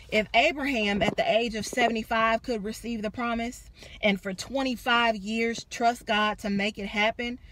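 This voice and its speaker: A young adult woman giving a casual sermon, telling the story with animated, acted-out quotes. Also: fairly high pitch. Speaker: preacher.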